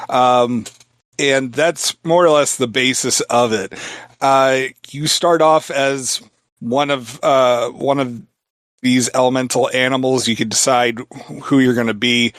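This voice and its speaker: A man's voice: mid-range voice, fairly bright tone, no echo, clean studio sound. A man in his thirties, a podcast guest explaining a game in a loose, rambling way full of "like" and "uh". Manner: rambling, filler-heavy explanation. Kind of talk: casual podcast chat.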